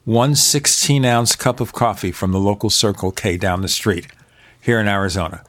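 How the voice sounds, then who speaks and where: A man's voice: lowish voice, normal speed, fairly bright tone. A man hosting a podcast in casual chat, talkative and opinionated, piling up examples. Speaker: podcast host. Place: home in Arizona.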